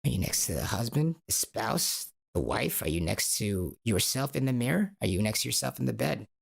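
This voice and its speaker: A man hosting a meditative monologue podcast, swinging between whispers and loud lines. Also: mid-range voice, big pitch swings, normal speed, gravelly, husky, no room sound, studio quality. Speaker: podcast host.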